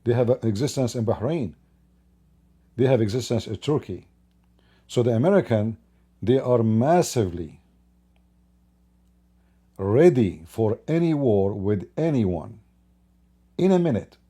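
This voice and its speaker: Mellow and husky, his medium-pitched voice is animated yet a little slow, with frequent pauses. He hosts his own channel, riffing on politics straight to the microphone and stacking points in emphatic, repeating lists.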